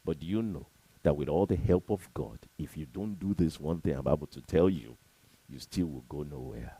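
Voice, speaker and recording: A man giving an emphatic, preachy motivational talk to camera, repeating his points and swinging between loud and soft. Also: rumbling low, normal speed, husky, no echo, rough recording. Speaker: motivational speaker.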